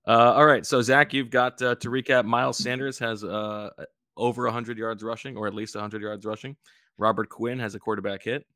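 A man's voice: mid-range voice, steady tone, brisk, pushed and bright, dry recording, studio quality. A man hosting a casual podcast chat, playful, calling out bids like an auctioneer and telling jokes. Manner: playful, tells jokes, auctioneer-style calls. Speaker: podcast host running a bidding game.

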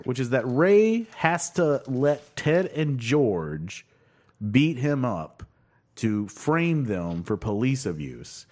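A man from the United States hosting a casual podcast chat, loose and jokey, swearing freely. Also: medium pitch. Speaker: podcast host.

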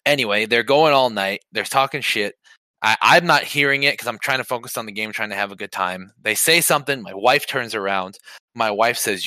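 A man co-hosting a podcast, telling hockey stories in a casual, profane, animated way and shouting when he acts out scenes. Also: fairly low pitch, fairly quick, no room sound. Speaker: podcast co-host. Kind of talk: casual storytelling chat.

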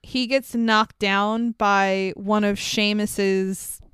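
A woman's voice: medium pitch, extremely slow, smooth, dry recording, studio quality. A woman co-hosting a podcast, retelling a movie with laughs and swearing. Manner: laughing, profane, animated retelling. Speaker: podcast co-host. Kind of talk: casual movie recap chat.

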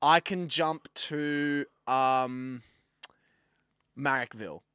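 A man's voice: mid-range voice, extremely slow, sharp tone, smooth, dry recording, clean studio sound. Teasing young man. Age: young adult. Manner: teasing, drags out clues. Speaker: podcast co-host. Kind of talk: casual banter.

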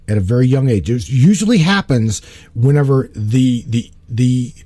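A man telling a story in a casual chat, animated, often repeating words and acting out the lines of the people in it. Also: medium pitch, normal speed, dry recording. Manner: animated, repeats words, acts out quoted dialogue. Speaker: guest telling of spiritual work.

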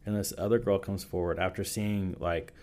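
A man's voice: low-pitched, fairly even intonation, moderate pace, darkish tone. A man who is a youth pastor, telling stories in a casual podcast interview, full of "like" and "you know" restarts. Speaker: youth and young adults pastor. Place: podcast recording session.

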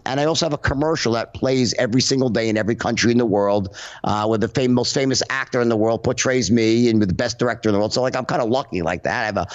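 A man's voice: mid-range voice, lo-fi sound. A man as a podcast guest, talking casually and acting out tones of voice in his examples, with many restarts. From United States. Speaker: podcast guest, sales trainer. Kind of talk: casual conversational interview.

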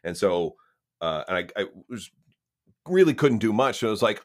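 Wry, low-voiced man telling stories. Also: very animated, normal speed, pauses often. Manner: wry, anecdotal storyteller. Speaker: podcast co-host. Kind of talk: casual chat.

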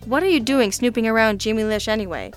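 Narrator doing a jittery middle-aged official, defensive and flustered. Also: female voice, a little high, expressive, fast talker, faint music behind, lightly acted. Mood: anxious. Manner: anxious, stammering, defensive.

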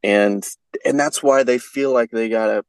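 A man's voice: medium pitch, unhurried, dry recording, rough recording. A man guesting on a podcast, telling a folksy, rambling story in casual chat with lots of fillers.

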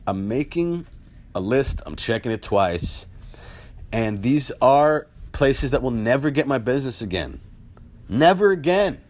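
Man, profane rant, heated, rhetorical questions, lively swinging pitch. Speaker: vlogger. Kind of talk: profane ranting monologue.

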